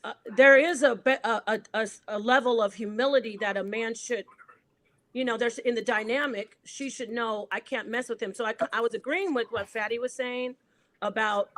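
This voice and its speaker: A woman's voice: a little high, fairly even intonation, moderate pace, a bit bright. Assertive woman pressing questions. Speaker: panelist. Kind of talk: live stream debate.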